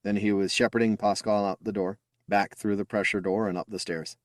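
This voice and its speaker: A man's voice: on the low side, level tone, fairly quick, no room sound, clean studio sound. A man reading a science fiction story aloud as an audiobook narrator, telling it expressively. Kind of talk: scripted narration.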